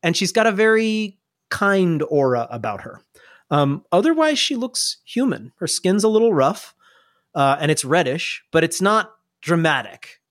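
A man narrating a tabletop role-playing game as game master, relaxed and rambling. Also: high voice, a little slow, no echo, clean studio sound.

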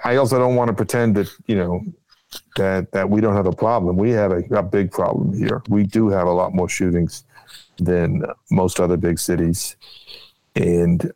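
A man, a guest political strategist, talking in a measured, explanatory way with many ums and uhs. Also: sits low, darkish tone, no echo, rough recording. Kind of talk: casual political chat.

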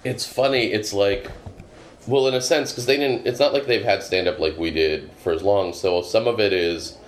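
A man's voice: lowish voice, normal speed. A man from the Boston area, a comedian guest chatting casually in a rambling, wry way with many asides. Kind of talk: casual chat. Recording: roomy echo with faint hum.

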